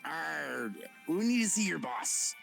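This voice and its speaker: A gravelly, drunken pirate dwarf, played by a man, growling "arr" and rudely shoving to the front of the line. His voice swings widely up and down and sounds bright and sharp. Faint music plays behind him. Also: a little high, big pitch swings, slow pace, heavily acted. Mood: grumbling. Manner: growls "arr" constantly, rude and impatient. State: tipsy. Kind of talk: improvised tabletop role-play.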